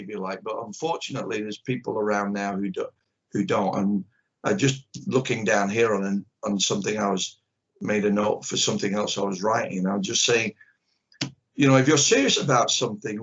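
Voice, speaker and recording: A man's voice: lowish voice, normal speed, fairly bright tone. Blunt older man on a muffled call. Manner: blunt and opinionated, acts out little exchanges. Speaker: karate teacher, interview guest. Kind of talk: candid conversation. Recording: dull lo-fi video call audio.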